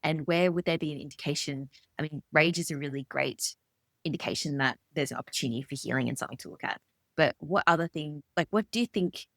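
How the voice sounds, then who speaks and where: A woman's voice: low-pitched, fast talker, no echo, clean studio sound. A woman hosting a podcast, asking chatty, curious questions in a candid, casual way. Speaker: podcast host. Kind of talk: casual interview.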